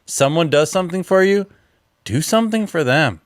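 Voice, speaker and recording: A man co-hosting a podcast, chatting casually with lively, filler-heavy talk. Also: on the high side, normal speed, clean tone, no room sound, studio quality. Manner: animated, chatty, lots of fillers. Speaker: podcast co-host. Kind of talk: casual chat.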